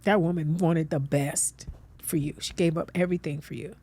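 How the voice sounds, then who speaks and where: A woman's voice: sits low, steady tone, moderate pace, warm tone, slightly rough. A middle-aged woman, a guest actress, talking earnestly in a heartfelt conversation and turning emphatic when she comforts someone. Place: studio with audience.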